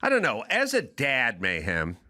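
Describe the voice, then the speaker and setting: A man's voice: mid-range voice, huge pitch swings, normal speed, pushed and bright, dry recording, studio quality. A man hosting a podcast, ranting in a sardonic, opinionated way and acting out other people's voices. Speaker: podcast host. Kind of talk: casual opinionated monologue.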